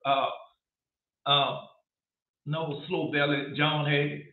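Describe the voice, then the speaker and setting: Fiery preacher on a tinny, echoey line. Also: male voice, on the high side, level tone, takes it slowly. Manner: preachy, mocking, rising to shouts. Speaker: street preacher. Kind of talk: scripture reading with commentary. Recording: echoey lo-fi phone-like audio.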